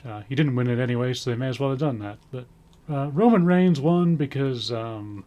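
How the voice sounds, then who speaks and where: A man's voice: medium pitch, a little mellow. A man giving a casual spoken review in a rambling way, full of ums, with dry sarcastic asides. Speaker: wrestling show reviewer.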